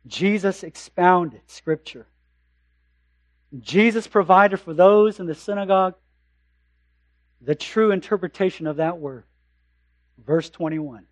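A man preaching a sermon, building emphasis through repeated phrases and slowing down to read scripture. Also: high-pitched, no echo. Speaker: pastor.

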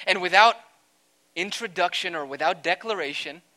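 A man preaching a sermon, conversational and animated, swinging between loud and quiet with dramatic asides. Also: sits high, moderate pace, rough recording. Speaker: pastor.

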